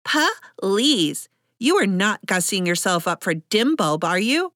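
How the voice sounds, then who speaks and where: A woman's voice: fairly high pitch, sing-song, normal speed, no room sound, studio quality. A woman voicing a flippant, teasing young woman friend with a chirpy manner.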